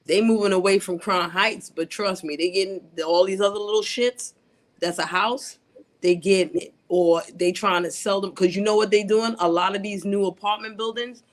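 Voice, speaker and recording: A man's voice: high-pitched, steady tone, normal speed. A man from New York with a Brooklyn accent, telling brash, profane stories in a casual panel chat. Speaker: panel guest.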